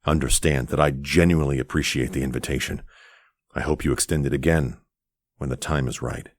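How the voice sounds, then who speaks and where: A man voicing an earnest young man, speaking low and restrained in a romance audiobook. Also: fairly even intonation, a little fast, no room sound, clean studio sound. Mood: tender. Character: tender earnest young man, gentle suitor.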